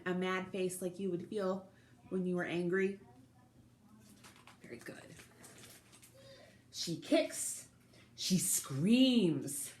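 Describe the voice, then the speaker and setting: A woman's voice: fairly low pitch, fairly bright tone. Cheerful woman leading a children's story time. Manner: cheerful, speaks directly to young children. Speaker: children's librarian. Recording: roomy echoey recording.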